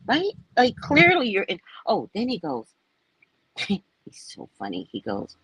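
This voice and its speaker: A woman's voice: medium pitch, a little slow, slightly rough, no echo, rough recording. A woman in her sixties, a psychic host, chatting casually to viewers and acting out the people in her stories. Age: 60s. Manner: animated, chatty, acts out quotes. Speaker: psychic reader and live host.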